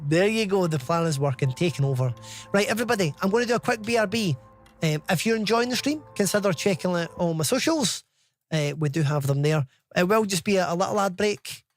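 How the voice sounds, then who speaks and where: Guy streaming, rambly and laughy, bit high voice, quiet game music behind. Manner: rambling, chatty, laughs often. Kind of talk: casual live-stream chat.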